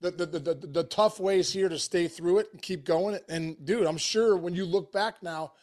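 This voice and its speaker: Higher-voiced man giving emphatic sports takes. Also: normal speed, a little mellow. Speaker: sports radio co-host. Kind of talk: casual sports talk.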